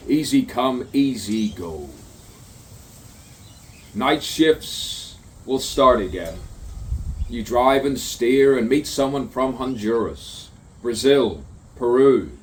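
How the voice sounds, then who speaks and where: Guy slowly reading his own poem out loud, repeats himself a lot, sounds kinda far from the mic. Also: medium pitch. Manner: slow, musing, repetitive delivery with sudden emphatic bursts. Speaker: poet. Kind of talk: spoken word poetry recitation. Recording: distant mic with faint background noise.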